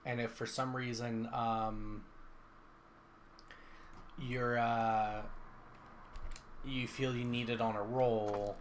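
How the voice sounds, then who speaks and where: A man's voice: medium pitch, little pitch movement, drawn-out words, pauses often, a little hiss or hum. A man narrating as game master in a tabletop game, talking casually and rambling, often breaking into laughter.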